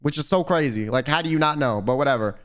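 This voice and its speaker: A young man streaming, telling stories in casual, profane, animated chat. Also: mid-range voice, fast.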